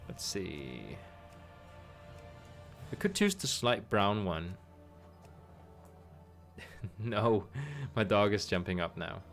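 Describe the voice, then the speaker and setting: A man's voice: on the low side, big pitch swings, extremely slow, gravelly, pauses often, a bit bright, soft background music. A man streaming a game, chatting casually and thinking aloud with amused asides. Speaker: gaming streamer.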